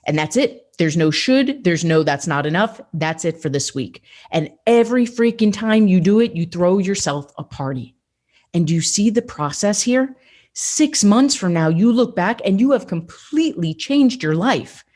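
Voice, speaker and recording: A woman's voice: lowish voice, animated, normal speed, a little mellow. A woman hosting a motivational podcast, talking straight to the listener in an emphatic, upbeat coaching way. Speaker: podcast host.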